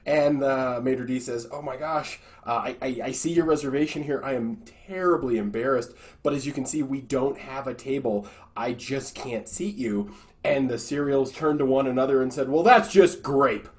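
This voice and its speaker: Improv guy telling jokes all straight-faced, middle pitch. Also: moderate pace. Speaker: improv performer. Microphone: video call.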